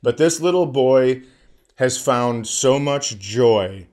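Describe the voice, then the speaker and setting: A man's voice: medium pitch, slow pace. A man in his forties, a podcast co-host telling a comedic story in casual chat, acting out the people in it. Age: 40s. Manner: animated storyteller, acts out voices.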